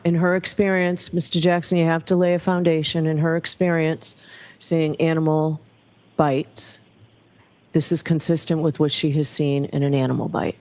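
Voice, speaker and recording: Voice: medium pitch, level tone, normal speed, darkish tone. Firm judge giving rulings. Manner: firm, decisive. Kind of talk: courtroom ruling.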